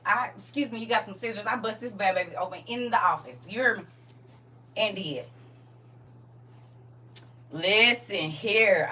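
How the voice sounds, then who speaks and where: Bright chatty woman on a home livestream. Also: fairly high pitch, recorded from a distance. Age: middle-aged. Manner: animated, chatty, talks straight to viewers. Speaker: livestream host showing off a custom jacket. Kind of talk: casual livestream chat. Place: at home indoors.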